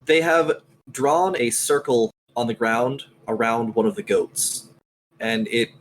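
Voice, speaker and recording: A man narrating a tabletop game as game master, calmly describing scenes. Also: medium pitch, slight background noise, poor audio.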